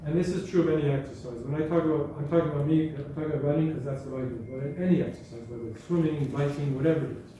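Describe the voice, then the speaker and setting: Racing along with hardly any pauses, a man with a mellow voice on the high side gives a chatty, anecdotal talk as guest speaker at a school gathering. He often corrects himself mid-sentence while addressing the hall. The sound is echoey and distant, with faint background noise.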